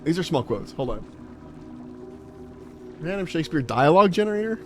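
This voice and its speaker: A young man livestreamer with a slightly high, sing-song, fairly bright voice chats casually at a normal pace while gaming, with soft music behind him. His explanations ramble and are packed with "like."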